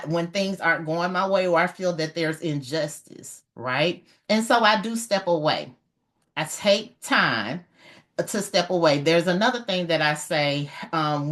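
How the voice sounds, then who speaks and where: A middle-aged woman talks about leadership in an animated, emphatic way. She repeats her main points for weight. Her voice sits a little low for a woman. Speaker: leadership educator. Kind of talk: motivational talk.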